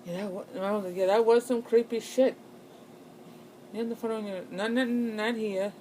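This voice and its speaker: A woman's voice: a little high, steady tone, normal speed, dark tone, a little hiss or hum, poor audio. A young woman telling a personal ghost story in a casual, rambling way, full of fillers and restarts. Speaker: channel host.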